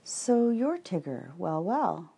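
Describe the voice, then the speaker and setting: A woman voicing a small, timid male piglet who speaks softly and carefully while reading a storybook aloud. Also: low voice, expressive, takes it slowly, gravelly, husky, heavily acted.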